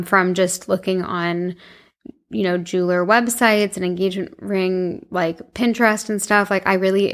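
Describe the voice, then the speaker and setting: A young woman in her twenties casually telling a personal story to her viewers, chatty and emotional, with many fillers and restarts. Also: lowish voice. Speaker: vlogger.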